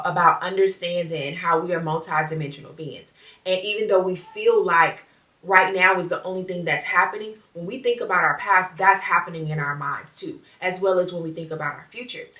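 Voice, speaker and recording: A woman's voice: mid-range voice, pushed and bright. A young adult woman hosting her podcast, talking earnestly and reflectively to her listeners in a casual solo chat. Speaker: podcast host. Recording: roomy sound, a bit distant from the mic.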